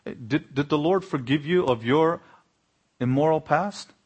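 A man's voice: on the high side, a little slow, slightly rough, highs cut off. A man preaching an earnest sermon as a pastor, building to pointed exclamations.

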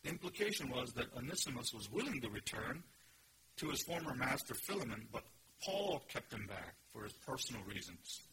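A man's voice: mid-range voice, big pitch swings, moderate pace, noisy background. A man preaching a sermon, teaching earnestly and emphatically and asking his listeners questions. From Korea. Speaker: pastor. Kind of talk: expository sermon.

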